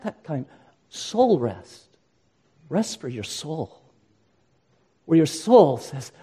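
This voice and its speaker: An older man preaches with earnest conviction, often climbing into impassioned emphasis. His voice sits a little high but sounds mellow and warm in tone, with a varied, rhythmic pulpit cadence. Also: slightly rough. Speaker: pastor. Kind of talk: sermon.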